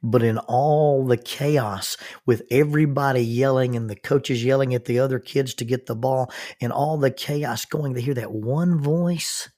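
A man hosting his own podcast, telling stories and reflecting in a slow, soft-spoken, intimate way that sometimes drops almost to a whisper. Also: medium pitch. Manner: quiet, intimate delivery, dropping to near whisper. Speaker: podcast host. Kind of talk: reflective devotional podcast talk.

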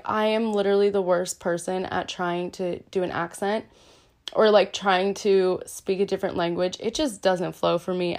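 A woman's voice: medium pitch, a little mellow. A woman teaching yoga in a casual, earnest way, chatty and self-deprecating, with lots of "um" and "like". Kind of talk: casual explanatory talk.

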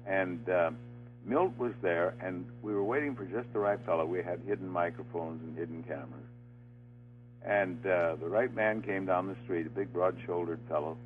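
An older man, a former game show host, tells a halting anecdote in an interview, breaking into laughter as he goes. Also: low voice. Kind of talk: storytelling in an interview. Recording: tinny phone line with faint music.

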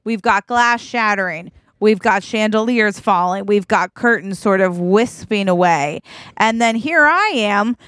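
A woman's voice: medium pitch, unhurried, fairly bright tone, no room sound, clean studio sound. A woman co-hosting a podcast, improvising a comic story with a playful manner, laughing often and acting out the lines. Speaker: podcast co-host.

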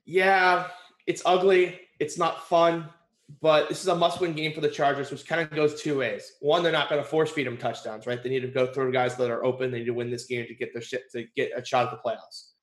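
Blunt co-host with a higher voice. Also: male voice, little pitch movement, brisk, reverberant. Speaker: podcast co-host. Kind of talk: casual sports chat.

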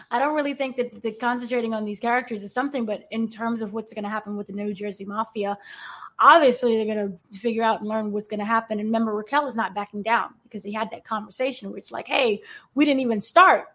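Woman, fairly high voice, casual show-recap panelist, animated, slips into character voices. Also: fairly quick. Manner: animated, acts out characters' lines in quotes. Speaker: podcast panelist. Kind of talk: casual discussion of a TV episode.

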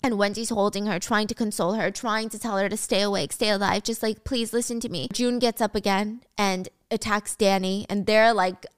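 A woman's voice: mid-range voice, fairly even intonation, moderate pace, few pauses, clean tone, dry recording. A young woman casually retelling a drama story, chatty with sarcastic asides, on a close mic. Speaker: drama recap narrator.

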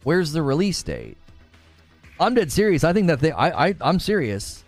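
Animated male livestream host. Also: moderate pace, soft background music. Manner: animated, exaggerated high-pitched voice when mocking or acting out others. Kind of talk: casual live-stream chat.

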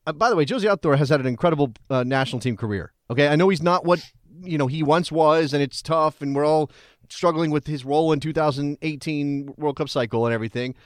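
A man's voice: fairly high pitch, fast, no echo, studio quality. A man in his forties hosting a casual sports podcast, rambling with restarts and laughing often. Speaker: podcast host.

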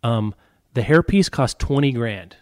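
A man's voice: medium pitch, animated, a little slow, a little mellow, dry recording, clean studio sound. A man co-hosting a podcast, chatting casually about a film with wry, joking asides and mock outbursts. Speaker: podcast co-host.

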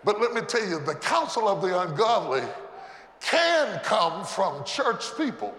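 Man, pastor, preaching a sermon, high voice, shouted call-and-response, roomy reverberant hall. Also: very animated, a little slow. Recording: echoey hall with background noise.

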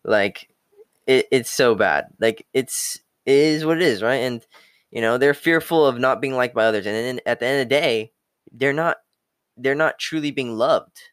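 A man's voice: medium pitch, normal speed, a bit bright, clear, resonant tone, dry recording, studio quality. Blunt profane young man ranting. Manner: blunt, swearing, repeats "okay" and "hard truth". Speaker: self-improvement talker. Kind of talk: profane motivational rant.

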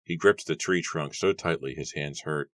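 In a close, dry recording with no room sound at all, a man with an extremely low voice reads scripted audiobook narration at a steady, measured pace.

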